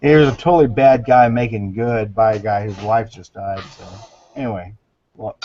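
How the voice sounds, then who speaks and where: A man's voice: on the low side, fairly even intonation, moderate pace, mellow. Rambling man telling jokes on a muffled voice chat. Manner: rambling, stumbling joke-teller. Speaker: chat show regular. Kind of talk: casual online group chat.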